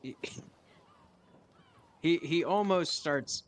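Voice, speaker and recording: A man playing a tabletop game, describing his character in a halting, casual way. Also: a little high. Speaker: player.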